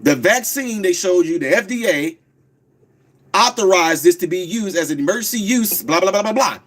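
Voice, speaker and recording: A high-pitched man hosts a live radio talk show. He speaks quickly and insistently, often repeating words slowly for emphasis. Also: expressive, a bit bright. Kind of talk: fast call-in radio talk, streamed live.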